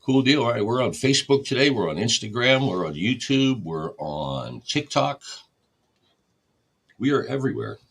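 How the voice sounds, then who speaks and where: A man's voice: mid-range voice, lively intonation, fast, gravelly, few pauses, fairly bright tone, slightly rough. A man hosting a record store livestream, casually explaining each step while he catalogs vinyl. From United States.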